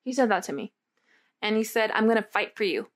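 A young adult woman chats casually, telling a candid personal story in a medium-pitched, expressive, brisk voice. She rambles, swears, and fills her speech heavily with "like."

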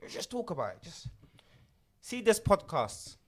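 A young man, co-hosting a podcast and telling stories in animated, slangy banter. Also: sits high, unhurried. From Ivorian family. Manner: animated storytelling, London slang. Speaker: podcast co-host. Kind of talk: casual banter.

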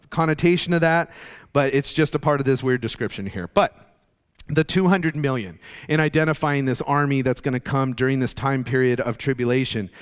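Smooth-voiced man teaching Bible study. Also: mid-range voice. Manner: explanatory, many fillers and restarts.

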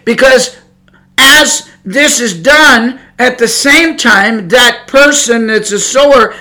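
High, bright-voiced preaching man. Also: takes it slowly. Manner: rambling, stumbles over words, rising to shouts for emphasis. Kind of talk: informal Bible teaching.

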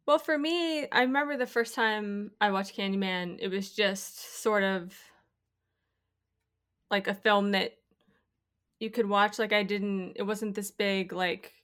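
A woman's voice: mid-range voice, fairly even intonation, unhurried, fairly bright tone, clean tone. A woman co-hosting a podcast in casual chat, thoughtful and a little hesitant. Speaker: podcast co-host.

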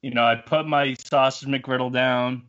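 A man's voice: medium pitch, little pitch movement, normal speed, fairly bright tone, muffled recording. A man, telling a story in a rambling, self-mocking way on a podcast. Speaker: podcast co-host. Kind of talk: casual storytelling.

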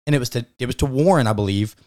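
A man with a mid-range voice talks football on a casual podcast. He is emphatic and heated, swearing freely as he argues his takes, and his pitch moves in an ordinary way. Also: rapid-fire, darkish tone. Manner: emphatic, profane, fired-up opinions. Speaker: podcast co-host. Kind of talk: casual sports chat.

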